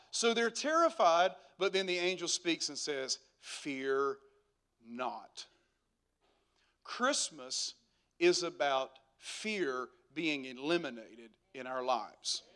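High, bright-voiced preacher man. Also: animated, slow pace, smooth. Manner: emphatic preacher, rhetorical questions, repeats phrases. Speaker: pastor. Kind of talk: sermon.

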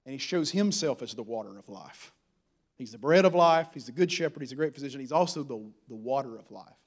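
A man's voice: medium pitch, lively intonation, fairly quick. A man preaching a sermon as a pastor, in a folksy, humorous style with building fervor.

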